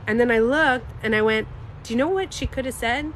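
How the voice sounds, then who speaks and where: A woman beauty coach chatting candidly on a livestream, animated, swearing freely and laughing often. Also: a little high, brisk, slight background noise. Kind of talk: casual livestream chat.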